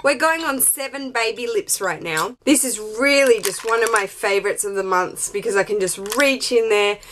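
A woman's voice: fairly high pitch, moderate pace, a bit bright, slight background noise. A young woman chatting casually to her camera at home, hyper and rambling from too much coffee. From Australia. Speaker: beauty and fashion vlogger. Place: home closet room with yellow-lit background.

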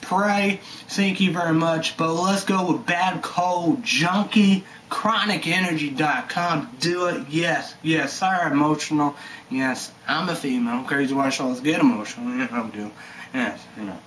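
In a low-quality recording with slight background noise, an energy drink reviewer vlogger rants heatedly and at length, cursing and leaning on "you know" and "stuff like that." His voice is a bit bright and slightly high, and his pace is measured.

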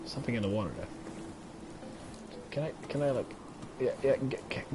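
A man giving casual, excitable gameplay commentary, thinking aloud and swearing often, his throat a little strained. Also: mid-range voice, normal speed, noisy background. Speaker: gaming let's-player.

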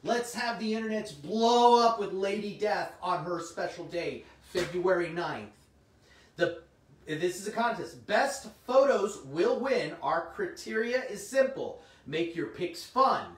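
A middle-aged man, slightly hoarse, hosting a comic shop livestream in casual, chatty talk and answering viewers' comments. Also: high voice, lively intonation, a little slow. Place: indoor room. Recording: roomy, distant mic, faint noise.

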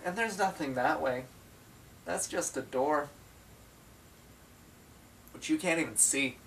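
A young man hosting a comedic solo vlog, playfully bickering with himself and jumping into higher voices. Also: slow, gravelly, a bit bright, recorded from a distance, slight background noise. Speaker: vlogger.

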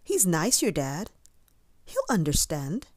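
A gentle, kind female rabbit from a storybook, read by a woman. She speaks softly, at times in a breathy hush, slow and lower in tone, in a dry close recording. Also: wildly swooping pitch, no room sound, full character voice. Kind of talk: storybook character voice.

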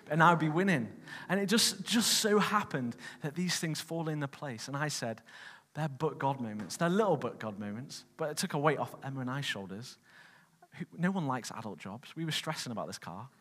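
A man's voice: fairly high pitch, fairly bright tone. A young man preaching a sermon, telling a personal story and building to emphatic declarations. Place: large church hall. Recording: long hall reverb.

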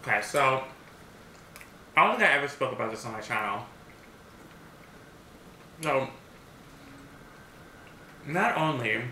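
Casual vlogger, male, around 30, bright voice, rambling storyteller, echoey home recording. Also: mid-range voice, slight background noise. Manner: rambling storyteller, many restarts and fillers. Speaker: mukbang vlogger. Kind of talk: casual chat. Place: home, seated eating at a table. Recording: roomy echo.

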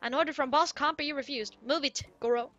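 A woman reading game lines as a boisterous male rock-creature miner, putting on a loud, mock-gruff attempt at an Irish accent. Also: sits high, fairly quick, highs cut off. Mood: hearty. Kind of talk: reading game dialogue aloud in a put-on voice.

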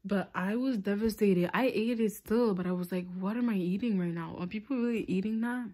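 A young woman, telling a casual storytime in a vlog, animated and laughing, sometimes dropping to a whisper. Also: mid-range voice, a little fast. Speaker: vlogger.

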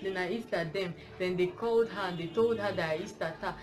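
A woman's voice: fairly low pitch, a little fast. A woman with a Nigerian accent telling a personal story in a vlog, rambling and correcting herself as she goes. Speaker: vlogger. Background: music.

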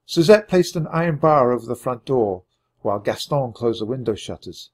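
A man reading a children's chapter book aloud with expressive, dramatic storytelling. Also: mid-range voice, normal speed. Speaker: audiobook reader. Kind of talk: children's audiobook narration.

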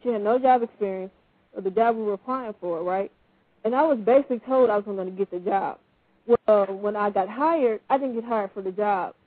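Woman caller, phone line, indignant and animated. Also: medium pitch, fairly quick, no room sound. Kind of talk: call-in talk.

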